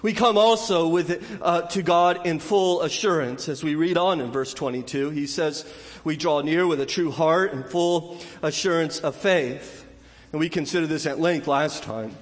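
A man delivers a sermon from the pulpit, his slightly raised voice dropping to hushed tones and then climbing to loud, high exclamations. A long reverb from the church hall trails after his words. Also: normal speed. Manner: preaching with wide swings from hushed to loud and high. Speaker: pastor.

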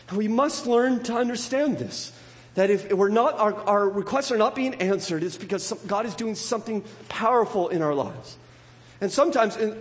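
A man with a high voice preaches a sermon, his words trailing off into the long reverb of a large hall. He keeps turning to his congregation with rhetorical questions. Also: animated, normal speed. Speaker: pastor.

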